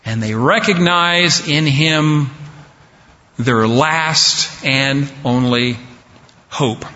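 A man delivers a sermon at an unhurried, deliberate pace, letting pauses land. His voice is bright and a little high. The sound is muffled and dull, with a long reverb trailing off through a large hall. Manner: slow, deliberate preaching with dramatic pauses. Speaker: preacher.

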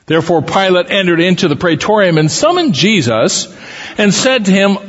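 Husky-voiced preacher in a reverberant hall. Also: male voice, sits high, very animated, normal speed. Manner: reads scripture aloud with dramatic rises for quoted speech, then teaches. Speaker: pastor. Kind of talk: scripture reading and sermon. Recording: long hall reverb, dull lo-fi sound.

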